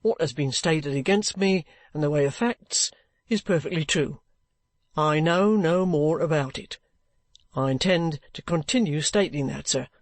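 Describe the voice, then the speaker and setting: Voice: medium pitch, a little slow, no echo, lightly acted. A reader voicing a bluff former soldier who is under arrest and speaks plainly, politely and stubbornly. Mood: firm.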